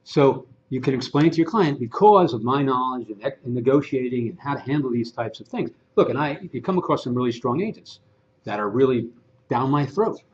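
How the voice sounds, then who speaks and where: Man, training presenter, animated and chatty, slightly muffled room recording. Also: medium pitch, fairly quick. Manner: animated, conversational, acts out dialogue. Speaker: real estate agent and trainer.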